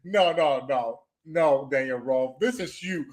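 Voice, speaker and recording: A man's voice: a little high, unhurried. A young man ranting on a commentary stream, trash-talking with mocking jabs, stumbling restarts and repeated phrases.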